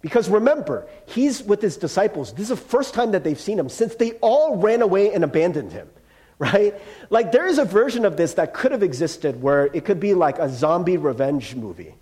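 A man's voice: high voice, big pitch swings, normal speed, dark tone. A male pastor preaching a sermon in a casual, storytelling way, with humor. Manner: conversational storytelling with humor and acted quotes.

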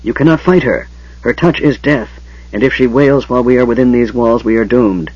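A man's voice: medium pitch, a little fast, a little mellow, dry recording, natural voice. A man doing Raistlin, a hissing sickly mage. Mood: urgent. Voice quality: hissing, whispery. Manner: cold, ominous warnings. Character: frail sickly male mage, bitter and secretive. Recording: dull lo-fi audiobook recording.

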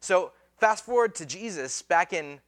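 High-voiced casual male preacher. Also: animated, unhurried, fairly bright tone. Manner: casual, conversational preaching with slang and acted-out quotes. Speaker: pastor. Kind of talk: sermon.

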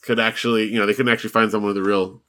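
A man's voice: fairly low pitch, flat delivery, rapid-fire, pushed and bright. A man hosting a podcast in casual chat, talkative and laughing easily. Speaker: podcast host.

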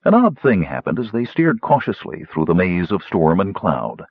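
Lively low-voiced male storybook narrator. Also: moderate pace, no room sound, muffled recording. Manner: lively, voicing characters higher. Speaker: audiobook narrator.

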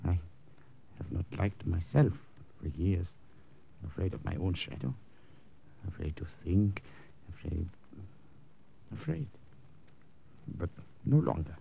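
A halting, gravelly timid clerk. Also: male voice, sits low, expressive, muffled recording, slight background noise, full character voice. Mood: earnest. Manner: earnest, halting and hesitant. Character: timid middle-aged male clerk turning brave. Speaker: administration clerk. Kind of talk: 1940s radio acting.

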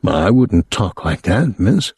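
A male narrator voicing a middle-aged immigrant father who speaks in a calm, conversational, coldly menacing way. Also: low-pitched, slow, slightly rough, no room sound, studio quality, full character voice.

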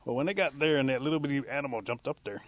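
Animated male storyteller. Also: mid-range voice, racing. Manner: animated, acts out voices of animals. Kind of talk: oral storytelling.

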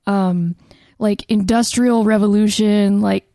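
Chatty woman with a gravelly voice. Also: mid-range voice, steady tone, takes it slowly, mellow, dry recording, studio quality. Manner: chatty, laughs often, many fillers. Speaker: podcast co-host. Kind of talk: casual chat.

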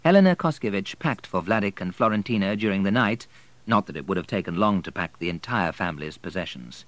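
Man reading an audiobook, low voice, very expressive, dry close mic. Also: a little fast, no echo, low-quality recording. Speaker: narrator. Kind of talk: audiobook narration.

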